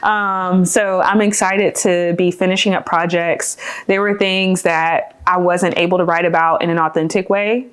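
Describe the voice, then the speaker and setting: An earnest woman in her thirties chats with her sister on a podcast, thinking aloud with fillers and restarts. Her voice sits a little low for a woman. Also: flat delivery, normal speed, few pauses, fairly bright tone, clear, resonant tone. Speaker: podcast guest, older sister. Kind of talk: casual chat.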